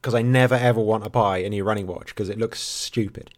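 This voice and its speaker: A man's voice: on the low side, fairly even intonation, a little fast. A man co-hosting a casual podcast, wry and casual, swearing now and then. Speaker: podcast co-host.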